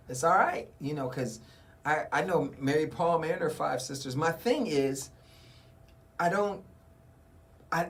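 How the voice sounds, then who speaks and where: A man's voice: on the high side, a bit bright. A man hosting a casual radio talk show, telling a story and acting out the dialogue. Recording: community radio studio.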